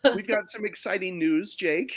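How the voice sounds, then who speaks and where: A man's voice: high-pitched, normal speed, a bit bright, no echo. A man co-hosting a movie podcast in casual chat, upbeat and enthusiastic. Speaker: podcast co-host.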